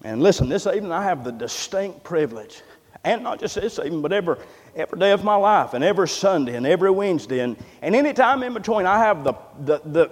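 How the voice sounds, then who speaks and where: A man preaching a sermon with fervent, repetitive phrasing that builds to loud exclamations. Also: fairly high pitch, very animated, moderate pace. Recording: long reverb of a church hall.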